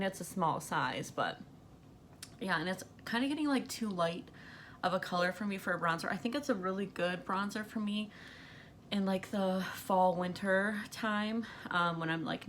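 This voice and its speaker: Young female vlogger, lowish voice, short of breath, rambly and filler-heavy, chatting to camera. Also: fairly bright tone, slight background noise. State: out of breath from pregnancy. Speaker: beauty vlogger. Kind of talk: casual makeup chat to camera. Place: bedroom at night under bright light.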